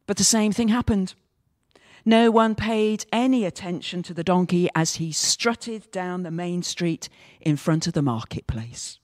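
Woman pastor, sermon, slow and deliberate, reflective storytelling, dry close sound. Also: fairly low pitch, a little mellow, no echo. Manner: measured, reflective preaching with storytelling.

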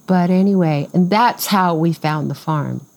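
Older woman, lively rambling storyteller. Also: lowish voice, unhurried, gravelly, low-quality recording. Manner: lively, acts out quoted voices, rambling restarts. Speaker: farm owner telling her story. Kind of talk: casual storytelling interview.

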